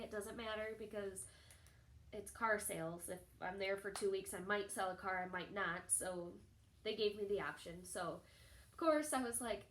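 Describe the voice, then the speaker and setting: A young woman talking straight to her camera, telling a personal story in a chatty, animated way and acting out other people's lines. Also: moderate pace. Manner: chatty, animated, acts out quoted people in a higher voice. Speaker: vlogger. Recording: echoey room.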